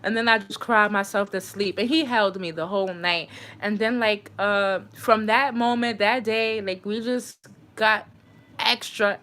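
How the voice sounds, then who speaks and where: A young woman hosting her own livestream, telling a personal story in a casual, animated way. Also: mid-range voice. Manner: animated, acts out quoted voices. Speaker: livestream host.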